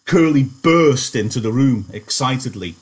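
Husky man, English teacher, chatty and encouraging in an online lesson. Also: mid-range voice, lively intonation, a little slow. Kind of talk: online lesson and reading aloud.

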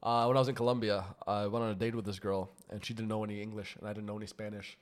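A man co-hosting a podcast, talking in a dry, deadpan way and often trailing off into mumbles. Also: fairly low pitch, racing. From Greek heritage. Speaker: podcast co-host. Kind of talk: casual chat.

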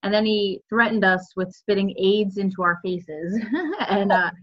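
A woman's voice: mid-range voice, a little slow, muffled recording. A woman EMT telling a work story in casual chat, full of filler words. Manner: chatty storyteller, many filler likes.

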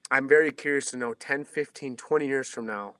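A man's voice: medium pitch, brisk, a bit bright, dry recording. Earnest man in his thirties, preacher cadence. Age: 30s. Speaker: pastor guest. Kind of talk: podcast interview answer.

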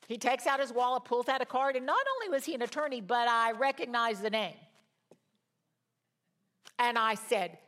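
Woman, 60s, Bible study teacher, a touch high-pitched, chatty and animated storyteller. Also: normal speed. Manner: animated storyteller, swings between loud exclamations and quiet asides; chatty, addresses the audience directly.

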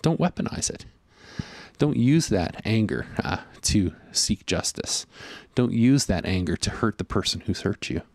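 A man's voice: on the low side, expressive, a little slow, gravelly, few pauses, dry recording. A man preaching a sermon in an earnest, conversational way, often voicing inner thoughts. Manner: earnest, conversational, with fillers and voiced inner monologue. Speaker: pastor.

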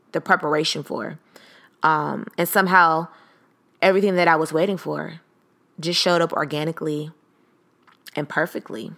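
A woman's voice: fairly low pitch, fairly bright tone. A woman in her thirties hosting a podcast, talking casually and reflectively, sometimes acting out her own inner voice. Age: 30s. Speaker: podcast host. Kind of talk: casual solo podcast talk.

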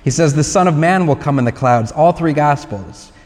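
A man's voice: a little high, lively intonation, normal speed, darkish tone. Guy priest giving an earnest storytelling homily, big church echo behind his voice. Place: church at Mass. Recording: long church reverb.

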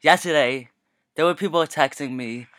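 A man's voice: fairly high pitch, normal speed, background noise. A young man co-hosting a casual podcast, telling stories in a playful, joking way. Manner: playful, jokey storytelling. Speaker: podcast co-host. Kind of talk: casual chat.

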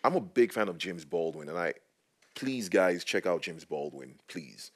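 A man's voice: deep voice, moderate pace. A man speaking as a panel guest, telling stories with passion, his voice rising as he gets heated. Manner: animated, emphatic, voice rising when heated. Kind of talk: passionate conversational storytelling.

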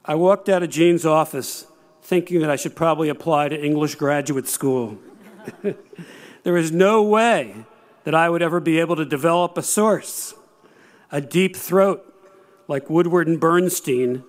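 A man in his sixties giving a prepared speech, telling stories in a measured way with dry humor. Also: on the high side. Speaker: speaker.

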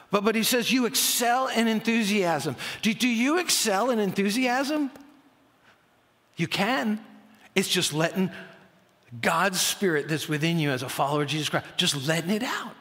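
A man preaching a sermon as pastor, energetic and animated, often stammering and restarting his words. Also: sits high, moderate pace. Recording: long hall reverb.

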